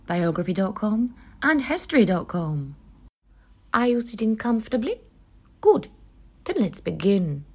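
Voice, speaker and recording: A woman's voice: on the low side, vocal fry, a little mellow, breathy edge. A woman with a Donegal Irish accent hosting a podcast, telling history in a chatty, sweary, irreverent way. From Donegal, Ireland. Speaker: podcast host. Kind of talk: casual storytelling podcast.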